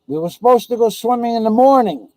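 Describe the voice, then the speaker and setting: A man's voice: very high voice, fast, darkish tone, dry recording, low-quality recording. A man vlogging in an indignant, profane storytelling rant. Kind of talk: ranting monologue.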